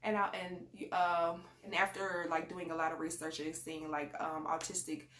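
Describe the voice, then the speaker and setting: This parent vlogger speaks in a low, fairly flat, slightly bright voice at normal speed, offering parenting tips to her channel. Her talk wanders casually and is peppered with fillers, recorded in a room with noticeable echo.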